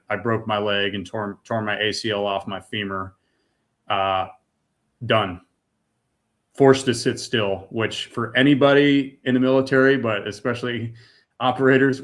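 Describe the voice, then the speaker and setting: A man's voice: lowish voice, a bit bright. A middle-aged man giving an emotional personal testimony as a podcast guest, talking casually with words like "dude" and "man".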